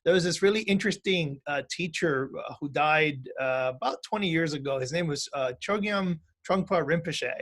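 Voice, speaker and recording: A man's voice: a little high, normal speed, hardly any pauses, fairly bright tone. A man teaching music and mindfulness in a conversational online class, often asking "right?" to check in with students.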